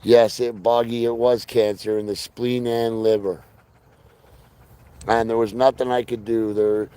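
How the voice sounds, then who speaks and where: On a relaxed live-stream chat, a man earnestly discusses his dog's training and addresses viewers by name. He has a medium-pitched, level, unhurried voice that is dark and smooth, with no room sound.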